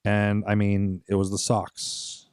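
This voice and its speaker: This podcast co-host, a man in his forties, chats casually about a holiday from his childhood, cursing freely and acting out what people said. His voice is fairly low, slow, clear and resonant, and he's animated throughout. The studio-quality recording carries no echo.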